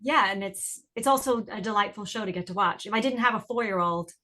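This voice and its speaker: A woman in her thirties speaks with a British accent blurred by years of American speech. Her voice is bright and forceful, and her answers come chatty and bubbly. She sounds like a guest at ease in a relaxed interview. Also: medium pitch, brisk. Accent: mixed British and American. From England. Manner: bubbly, laughs often, chatty. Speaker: actress guest.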